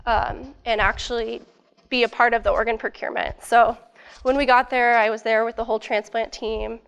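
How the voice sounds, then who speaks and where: This young woman student gives a casual academic presentation, eager and packed with fillers. Her voice is on the high side, creaky but clean in tone, and a little worn, as if she's losing it.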